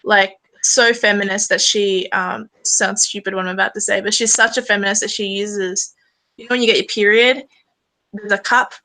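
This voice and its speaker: A woman's voice: medium pitch, fairly even intonation, normal speed, pushed and bright, low-quality recording. A young woman interviewing a guest in a chatty, rambling way, full of fillers. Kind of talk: casual conversational interview.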